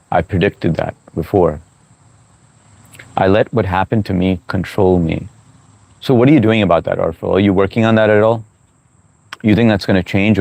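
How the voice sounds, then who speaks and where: A man's voice: low voice, gravelly, a little mellow, no room sound. A middle-aged man hosting a casual livestream outdoors, reading viewer comments aloud, joking and chatting while he eats. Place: outdoors on a walk.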